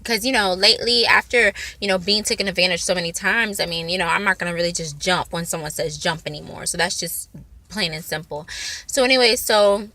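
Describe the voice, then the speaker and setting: A woman's voice: fairly low pitch, fairly quick, dry recording. A woman vlogger telling a personal story in a rambling, casual way, full of fillers. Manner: rambling, filler-heavy, animated retelling.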